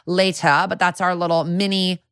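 A woman's voice: lowish voice, level tone, normal speed, a bit bright, smooth, dry recording, studio quality. A woman in her thirties co-hosting a podcast, chatting casually and recapping with sarcastic asides. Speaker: podcast co-host. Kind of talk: casual chat.

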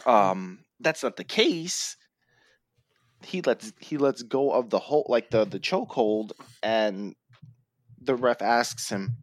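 A man's voice: mid-range voice, lively intonation, normal speed, no room sound, clean studio sound. A man co-hosting a casual wrestling recap chat who laughs often and acts out the wrestlers' lines. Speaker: podcast co-host.

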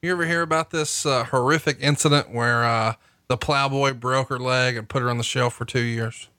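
A man hosting a podcast in a casual way, brisk and teasing, quick to laugh. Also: medium pitch, steady tone, pushed and bright, clear, resonant tone, no room sound. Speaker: podcast host.

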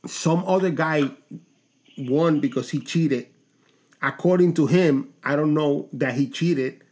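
A man co-hosting a podcast in casual chat, telling stories in a halting way with many restarts. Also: a little high, a little mellow. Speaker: podcast co-host.

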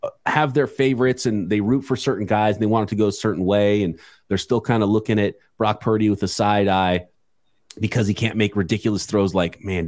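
A man's voice: on the low side, darkish tone, no echo, studio quality. A man hosting a sports podcast, talking bluntly and chattily with frequent restarts. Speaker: podcast host. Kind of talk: casual sports chat.

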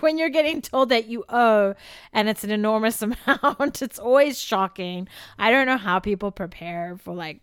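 A woman's voice: fairly high pitch, normal speed, clear, resonant tone, dry recording, studio quality. A woman co-hosting a podcast, chatting casually and laughing as she retells things. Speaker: podcast co-host. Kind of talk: casual chat.

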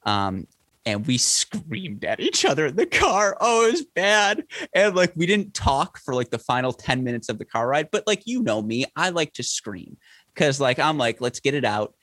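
A man's voice: a little high, big pitch swings, normal speed, fairly bright tone, no echo. A man hosting a casual late-night podcast over a remote call, telling stories animatedly and laughing often. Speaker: podcast host.

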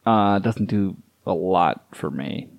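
A man with a fairly low voice talks loosely in a casual podcast chat, circling back through restarts and tossing in swear words. He is from the American Southwest. The sound is dry and close, with little room around it. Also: animated, slow, dry recording, muffled recording. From Southwest United States. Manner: rambling, swears often, many restarts.

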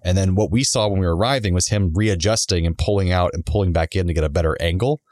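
A man with a lowish voice rattles through a story at high speed, bringing it alive by acting out the people in it. The sound is dry and close, with no room around it. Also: fast talker, no room sound. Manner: animated, acts out quoted people mid-story. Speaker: podcast co-host. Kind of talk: casual storytelling chat.

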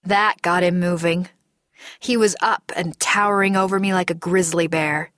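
Slow measured woman narrating. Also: fairly low pitch, fairly even intonation, fairly bright tone, dry recording, clean studio sound. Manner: measured, deliberate storytelling. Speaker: audiobook narrator. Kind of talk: scripted first-person narration.

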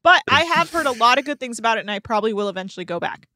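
A woman's voice: a little high, animated, bright, forceful tone, no echo, studio quality. A woman producing a podcast, chatting casually and laughing at herself. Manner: chatty, self-deprecating, quick to laugh.

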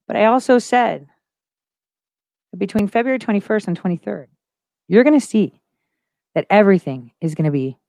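A woman's voice: medium pitch, lively intonation, moderate pace, gravelly, pauses often, mellow, dry recording. Emphatic woman with a dry close sound. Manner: emphatic, repeats phrases for stress; insistent and full of conviction. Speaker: livestream host. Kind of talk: casual livestream talk.

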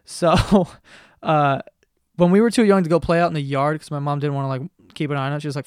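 A man in his twenties hosts a solo podcast from his basement bedroom, rambling, swearing casually and cracking self-deprecating jokes. His voice is a little high, steady, fast, clear and resonant, captured on a podcast microphone with no echo and studio quality.

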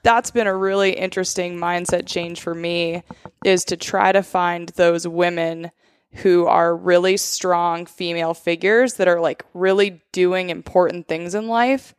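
A woman's voice: fairly low pitch, fairly even intonation, unhurried, clear, resonant tone, dry recording, clean studio sound. A woman in her thirties hosting a casual conversation, speaking earnestly and reflectively. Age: 30s.

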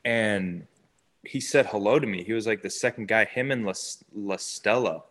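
A young man with a fairly low voice tells stories in a loose, chatty way. He jumps into other people's lines as he recounts them, keeping the pace lively and conversational. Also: moderate pace. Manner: animated, acts out quotes of others. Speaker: baseball player guest. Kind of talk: casual storytelling interview.

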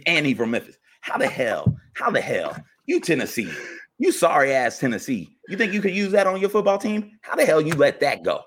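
Fired-up ranting man, husky voice. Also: on the high side, fairly bright tone. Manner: fired-up, repetitive, ranting with slang. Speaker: podcast co-host. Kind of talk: heated sports rant.

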